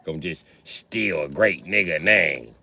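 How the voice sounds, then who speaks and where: A man voicing his grumpy older father, who scolds him about new rappers and turns to yelling. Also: deep voice, a little slow, slightly rough, pitched below the performer's own voice, full character voice. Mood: irritated. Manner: exasperated scolding, rising to shouts.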